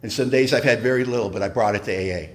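A man sharing his story at a recovery meeting, animated and joking in a wry way. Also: on the low side, very fast.

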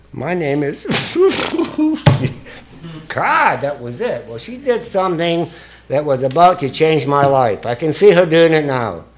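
An older man holding the floor at a meeting, talking straight and salty with plenty of swearing. He is self-mocking and plain-spoken, at a middle pitch, dropping low and quiet, then climbing loud and laughing. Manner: blunt, profane, self-mocking. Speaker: speaker sharing at a recovery meeting. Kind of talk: storytelling speech to an audience.

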